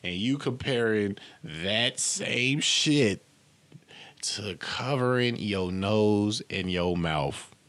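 Man, podcast host, comedic rant, low voice, slow and drawn out, mocking laughs. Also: fairly bright tone. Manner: incredulous, mocking, laughs often, profane; repeats questions, rising to high exclamations. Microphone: camera and mic at home.

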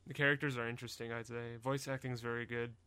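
Bright-voiced young man on a dry mic. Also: medium pitch, little pitch movement, fast, clear, resonant tone, dry recording. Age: 20s. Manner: talkative, complains, mimics game characters. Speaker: podcast co-host. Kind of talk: casual chat.

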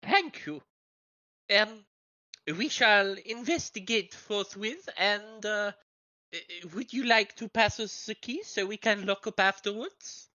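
A woman's voice: medium pitch, slow, pushed and bright, no room sound, pitched above the performer's own voice. A woman voicing a polite, inquisitive female journalist with a put-on French accent and formal, flowery phrasing. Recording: dull lo-fi dry sound.

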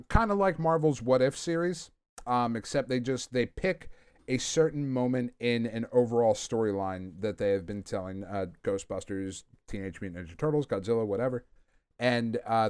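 A man's voice: mid-range voice, moderate pace, darkish tone, clear, resonant tone, dry recording, clean studio sound. A man hosting a podcast, chatting casually about comic books in a rambling, swearing, self-mocking way. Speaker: podcast host. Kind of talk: casual chat, comic book review. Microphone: podcast microphone.

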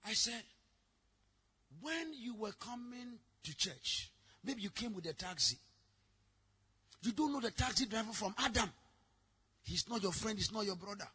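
A man preaching a sermon, telling stories with sudden shouted lines. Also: high-pitched, lively intonation, a little slow, pauses often, slightly rough. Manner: dramatic storytelling, bursts into shouting. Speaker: pastor.

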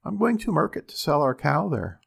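A man voicing a cheerful, quick-witted poor country boy in a storybook reading, eager and upbeat. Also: on the high side, big pitch swings, gravelly, breathy edge, no room sound, clean studio sound, heavily acted.

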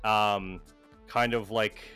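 Slow, bright-voiced male game master. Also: lowish voice, steady tone, clear, resonant tone, faint music behind. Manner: rambling, heavy on filler words. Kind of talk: narrating a tabletop role-play game.

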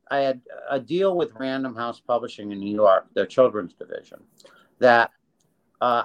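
A man's voice: lowish voice, a bit bright, clean tone, low-quality recording. Older guy spinning a story in an interview, chatty, lots of restarts, does little voices. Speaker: interview guest, illustrator. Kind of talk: casual storytelling.

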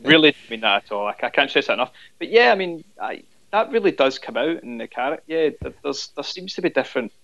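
Guest, 30s, casual, self-mocking, rambly. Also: male voice, on the high side, very animated, quick pace, vocal fry, a bit bright, dull audio. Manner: jokey, self-deprecating, rambling. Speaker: podcast guest. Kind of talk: casual chat.

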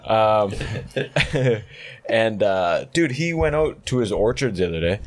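Animated man telling stories, laughing. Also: fairly low pitch, takes it slowly. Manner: animated storyteller, acts out quotes loudly, laughs often. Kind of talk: casual chat.

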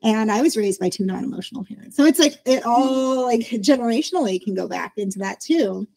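Speaking briskly in a slightly high voice, a woman in her forties hosts a casual interview podcast, musing reflectively with lots of laughter. She quotes herself in lively voices, though the recording quality is low.

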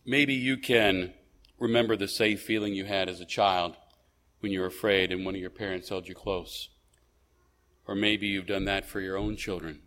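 A pastor delivers a sermon in a fairly low, slightly bright voice. He speaks conversationally, often hesitating, restarting, and posing rhetorical questions.

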